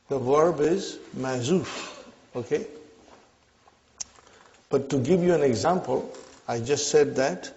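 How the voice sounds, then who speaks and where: A man teaching an Arabic grammar lesson to a class, slow and repetitive, often checking whether his listeners follow. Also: a little high, warm tone. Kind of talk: classroom lecture. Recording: dull lo-fi recording.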